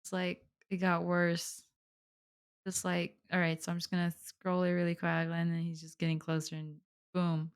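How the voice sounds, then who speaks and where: A woman's voice: on the low side, monotone, normal speed, smooth. Woman gamer, let's play commentary, reads game text aloud, reactive, swears a lot. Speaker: gaming streamer.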